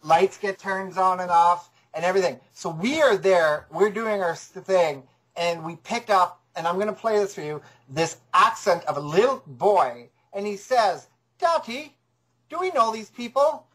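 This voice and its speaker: A man who works as a paranormal investigator, a guest on a talk show, excitedly telling the story of a case. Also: sits high, normal speed, hardly any pauses, slightly rough, low-quality recording. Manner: excited, builds up his story. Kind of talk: casual interview.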